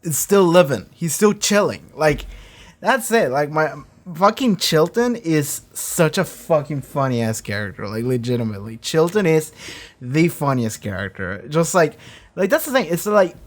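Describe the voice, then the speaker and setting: Hoarse man rambling through a review. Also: on the high side, animated, moderate pace. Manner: rambling, heavy on "like", swears freely. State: hoarse, voice cracking. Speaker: reaction video host. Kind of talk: casual unscripted review.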